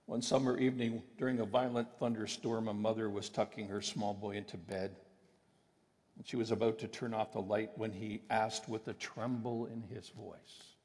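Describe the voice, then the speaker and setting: A man preaching a sermon, emphatic and sometimes slowing his phrases for weight. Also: lowish voice, flat delivery, darkish tone. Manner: emphatic, with deliberate slowed phrases. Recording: long reverb of a large hall.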